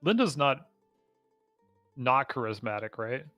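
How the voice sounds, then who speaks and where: Bright-voiced man running the game. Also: medium pitch, very animated, muffled recording, faint music behind. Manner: quick affirmations, laughs easily. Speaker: dungeon master. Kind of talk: tabletop game narration.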